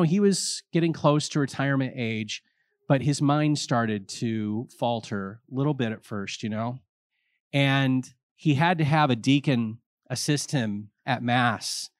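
A middle-aged man, a priest, giving a homily in a slow, reflective way, telling personal stories. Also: mid-range voice, a little mellow, no echo, studio quality.

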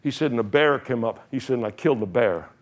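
A man's voice: medium pitch, expressive, quick pace. A middle-aged male pastor preaching a sermon, animatedly retelling Bible stories and acting out the characters' lines with frequent laughter.

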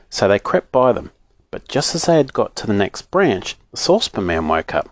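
A man reads a children's story aloud with an expressive, animated delivery. His pitch rises and falls a great deal around a middle level. The recording is dry and close. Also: moderate pace, dry recording.

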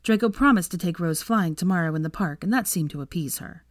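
Low-voiced woman reading a story. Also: animated, brisk, no room sound, studio quality. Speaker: fanfiction reader. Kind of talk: audiobook narration.

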